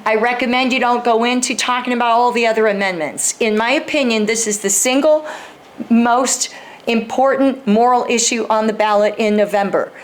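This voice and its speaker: A woman with a slightly high voice teaches a live group in an easy, conversational manner. She acts out sample exchanges and asks her listeners questions directly. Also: steady tone, normal speed. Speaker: speaker teaching a class on persuasion. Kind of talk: instructional talk to a live group.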